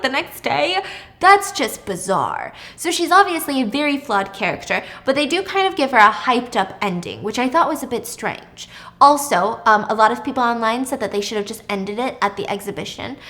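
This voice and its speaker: A young woman hosts a casual show and retells a story with dramatic flair. Her voice sits a touch high and gets animated when the twists come, with casual swearing mixed in. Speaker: host.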